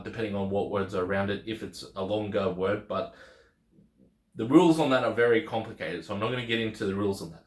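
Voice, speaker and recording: A man with a lowish voice teaches a language lesson in a relaxed, explanatory way, circling back and repeating words as he thinks. The room around him is echoey. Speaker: Greek teacher.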